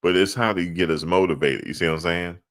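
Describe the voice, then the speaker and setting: A man's voice: low-pitched, quick pace, a bit bright. A man co-hosting a sports podcast in casual chat, slangy and laughing often.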